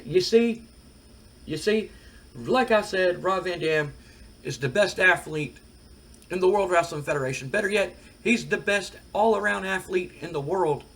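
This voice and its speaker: A man putting on the voice of a loud, boastful male wrestling manager cutting a bragging promo for his champion. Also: sits high, a little slow, voice pushed up, low-quality recording. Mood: boastful hype. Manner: brash, repetitive bragging promo.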